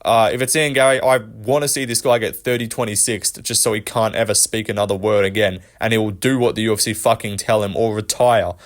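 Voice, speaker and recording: A man's voice: on the low side, fairly even intonation, a little fast, hardly any pauses. A young man hosting a commentary vlog, ranting with frequent swearing and exasperation. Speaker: MMA commentary channel host.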